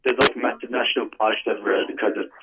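A man's voice: medium pitch, fairly even intonation, very fast, phone-quality sound, over a noisy crowd. A young man as a podcast guest, laid-back and blunt in casual chat.

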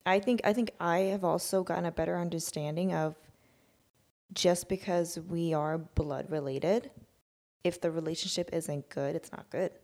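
A woman with a lowish, gravelly voice and plenty of vocal fry, co-hosting a podcast. She talks reflectively in a casual, filler-heavy way. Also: steady tone, normal speed, a little mellow. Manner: reflective, heavy use of fillers like "like" and "you know". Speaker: podcast co-host. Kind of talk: casual chat.

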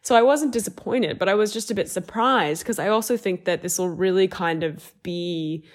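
A young woman co-hosting a podcast, animated and opinionated in casual chat. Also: mid-range voice, normal speed. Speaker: podcast co-host.

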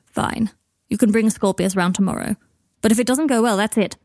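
A woman's voice: mid-range voice, fairly quick, a little mellow, no echo, clean studio sound, close to an everyday voice. A woman voicing a stern, blunt older woman in a storybook reading. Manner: curt, blunt.

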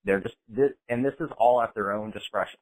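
A man's voice: fairly low pitch, brisk, poor audio. Blunt American man chatting on a podcast. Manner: blunt, animated, swears freely. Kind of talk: casual podcast conversation.

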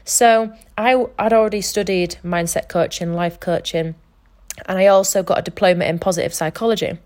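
A woman's voice: on the low side, fairly even intonation, normal speed, a little mellow. A young woman hosting her own podcast, talking earnestly and emphatically about changing her life, swearing freely as she goes. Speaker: podcast host and life coach. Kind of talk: casual motivational monologue.

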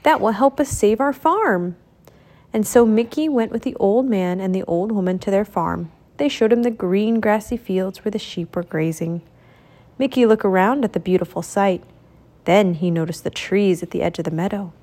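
A woman reading a children's storybook aloud, clear, expressive and steady. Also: mid-range voice, moderate pace.

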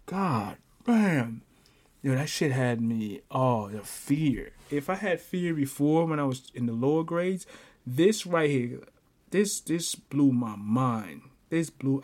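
A man hosting a podcast, telling a personal story in casual chat, animated, often stammering and breaking into laughter. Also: medium pitch. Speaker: podcast host.

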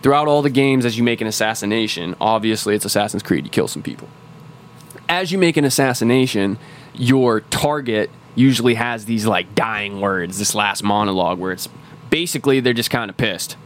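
This man co-hosts a podcast, talking fairly quickly in a lowish voice with a little hiss or hum in the audio. He rambles casually through a game's lore, cursing freely and frequently starting sentences over.

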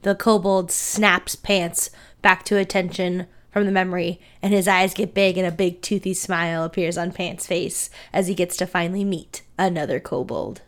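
A woman running a tabletop role-play game, narrating and calling for rolls in a casual, lively way. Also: on the low side, moderate pace. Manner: casual, lively, swearing in character quotes. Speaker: game master.

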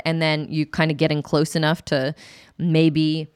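A woman's voice: low voice, fairly even intonation, moderate pace, smooth, no room sound, studio quality. A woman explaining sex and attraction in a candid, chatty way as an educator, acting out quotes with laughs. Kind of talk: casual educational talk to camera.

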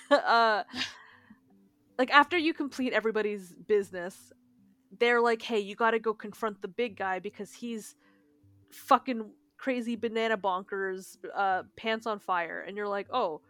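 A woman's voice: mid-range voice, unhurried, no room sound. A young woman on a casual podcast, telling a story with lots of swearing and acted-out dialogue. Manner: animated storytelling, swears a lot, acts out dialogue. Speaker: podcast co-host. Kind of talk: casual chat.

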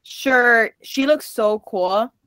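Animated young woman telling a story. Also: a little high, very slow, clean tone, no room sound. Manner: animated storytelling, acts out quoted dialogue, laughs often. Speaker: podcast co-host. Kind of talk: casual chat recapping a TV show.

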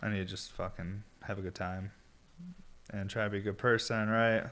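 Stoned, rambling laid-back man, low voice. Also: level tone, normal speed, a bit bright, slight background noise. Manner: rambling and laid-back, heavy filler words, swears freely. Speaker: podcast host and glass blower. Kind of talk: solo podcast casual chat.

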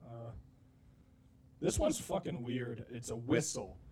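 A man's voice: mid-range voice, huge pitch swings, slow, noisy background. A man in casual chat, laughing often and joking crudely.

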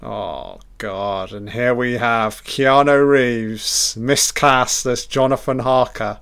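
A man's voice: mid-range voice, slow pace, vocal fry, a bit bright, smooth. A man giving a casual, profane, enthusiastic audio commentary over a film.

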